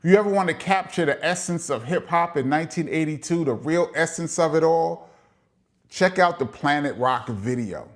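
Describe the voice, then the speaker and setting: A middle-aged man with a New York accent hosts a casual live chat, reading viewer comments aloud and giving long-winded shout-outs. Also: on the high side, expressive, moderate pace. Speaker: host of a live chat show.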